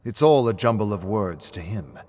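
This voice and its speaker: A man with a low voice narrates a story in a measured, scripted way. A faint hiss sits under his voice. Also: lively intonation, a little mellow.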